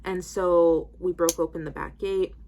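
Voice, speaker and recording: Twenties woman, lowish voice, casual rambling vlogger, filler-heavy, styling her hair as she talks. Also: fairly even intonation, measured pace, dark tone, slight background noise. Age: 20s. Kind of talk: casual storytelling to camera.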